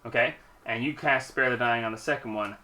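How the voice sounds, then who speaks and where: A man running a tabletop game as game master, animated and often laughing as he narrates the monsters. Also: mid-range voice, fairly quick.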